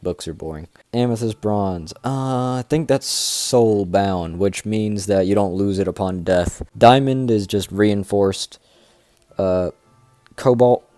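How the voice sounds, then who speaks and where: A fairly low-pitched man, recorded with no echo, gives casual let's-play commentary on a survival game, rambling and thinking out loud. When he reads item descriptions, he switches to a flat reading voice.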